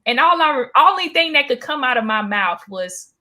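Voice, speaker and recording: A woman's voice: high voice, normal speed. A young woman stand-up comedian telling a story in casual chat, acting out the people in it. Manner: animated, acts out voices when retelling a story.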